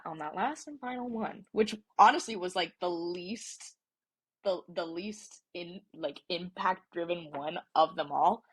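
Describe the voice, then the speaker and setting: A young woman in her twenties with a notably low voice tells a story in a loose, chatty way. She fills her talk with "like" and restarts her sentences as she goes. She sounds like a guest on a casual podcast. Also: a bit bright, slightly rough. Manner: chatty, many "like" fillers and restarts. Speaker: podcast guest, soccer player.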